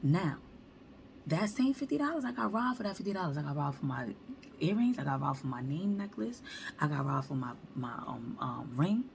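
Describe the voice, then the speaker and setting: Low-voiced woman doing a storytime, slangy and animated, acting out the quotes. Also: normal speed, vocal fry, slight background noise. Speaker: vlogger. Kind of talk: storytime monologue.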